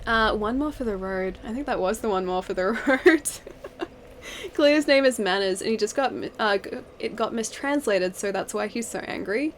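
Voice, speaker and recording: A woman's voice: medium pitch, moderate pace, slight background noise. A woman chatting casually while streaming a game, giggling often and rambling from one thought to the next. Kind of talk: casual live-stream chat. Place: home, wrapped in a blanket.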